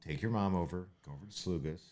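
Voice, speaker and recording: A middle-aged man, a father, telling profane, animated stories in a casual chat and acting out other people's lines. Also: low voice, fast. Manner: animated, profane, acts out quoted voices. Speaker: guest, father of a co-host.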